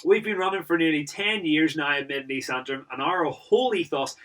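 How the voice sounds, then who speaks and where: Bright, cheerful Northern Irish director. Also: male voice, on the high side. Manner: cheerful, with filler pauses. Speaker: performing arts school director. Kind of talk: friendly welcome address. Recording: heard from a distance.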